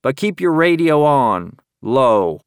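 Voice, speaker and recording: A man's voice: mid-range voice, big pitch swings, slow pace, smooth, no echo, studio quality, voice pushed up. A man voicing a brusque middle-aged female sheriff who growls orders impatiently. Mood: gruff.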